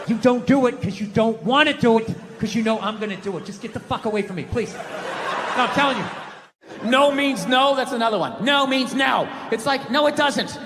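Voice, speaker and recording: A man doing stand-up comedy on stage, ranting and exasperated, shouting his punchlines. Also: very high voice, animated, a little fast, in a large hall, noisy background. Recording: live stage audio with audience.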